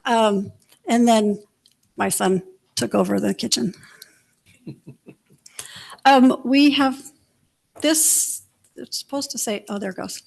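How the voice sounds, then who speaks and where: Woman, slightly high voice, casual presenter with lots of ums at a council meeting. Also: slow pace, gravelly, pauses often. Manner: informal, many fillers, relaxed. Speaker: youth center presenter. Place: council chamber.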